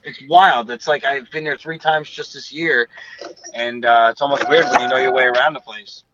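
A man's voice: mid-range voice, steady tone, moderate pace, highs cut off, heavy background noise. A young man chatting casually as an interview guest, rambling and swearing freely. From United States. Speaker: guest bassist.

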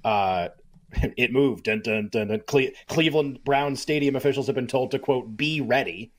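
A man co-hosting a sports talk show, riffing in an animated, incredulous way and often restarting his sentences. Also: mid-range voice, moderate pace. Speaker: sports radio co-host.

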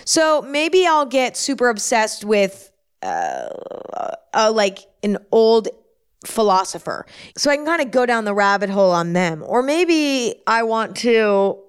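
A woman hosting her own show, talking alone in a chatty, rambling way with quick self-deprecating asides. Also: medium pitch, smooth. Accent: put-on New York twang at times. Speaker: podcast host. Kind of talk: casual solo chat.

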